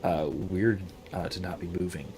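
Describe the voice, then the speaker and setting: A man's voice: sits low, normal speed, background noise. A man casually commenting while playing a fantasy game, reading viewer messages aloud and musing over skill choices. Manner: chatty, reads chat aloud, muses over skills. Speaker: game streamer.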